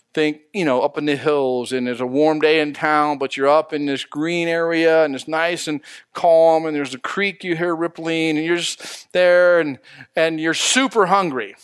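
Man, pastor, sermon, fairly high voice, dry close sound, conversational, slows for emphasis. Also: fairly bright tone, no room sound. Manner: conversational preaching, rhetorical questions, slows for emphasis.

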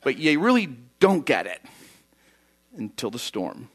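A man's voice: mid-range voice, wildly swooping pitch, measured pace. A man preaching a conversational sermon, telling the story in a folksy way with chatty asides. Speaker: pastor.

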